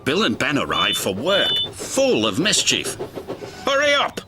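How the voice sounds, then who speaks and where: A man narrating a children's storybook in a slow read-aloud manner. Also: mid-range voice, huge pitch swings, noisy background. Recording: music playing behind.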